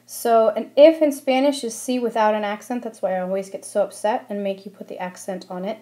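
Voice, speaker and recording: A woman walks students through Spanish verb forms in a friendly, explanatory way. She pauses on ums now and then and keeps a teacher's easy pace. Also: medium pitch, dark tone. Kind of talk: classroom lesson narration over slides.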